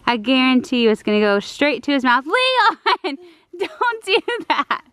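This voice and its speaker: Giggly young mom cooing baby talk. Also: female voice, sits high, big pitch swings, a little slow, a bit bright. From United States. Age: young adult. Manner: giggly, coos baby talk to her son. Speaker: mother filming her family. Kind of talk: home video chat with a toddler. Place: family home, indoors.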